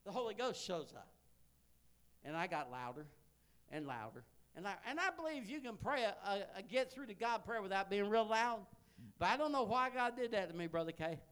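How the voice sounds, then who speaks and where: A man, preaching a sermon as a folksy storyteller who grows loud and excited. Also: high voice, a little fast, clean tone. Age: 60s.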